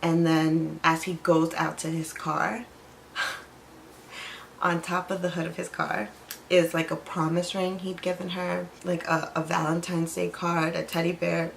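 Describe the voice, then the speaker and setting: A woman's voice: lowish voice, little pitch movement, a little slow, vocal fry, a little hiss or hum, low-quality recording. A young woman vlogger telling a personal story in casual chat, full of "like" and acted-out quotes. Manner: chatty, fills with "like", acts out quoted lines.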